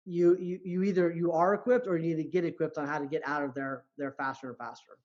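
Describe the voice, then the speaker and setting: The sound is lo-fi, carrying a man's slightly high yet darkish voice, steady in tone and quick in pace. He's a motivational coach guesting on a podcast, speaking earnestly and often repeating words as he begins a sentence.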